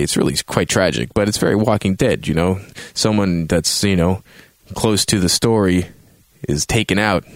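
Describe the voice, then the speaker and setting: A man's voice: fairly low pitch, no room sound. A man reviewing a video game in a rambling, casual way, swearing often and acting out reactions in a raised voice.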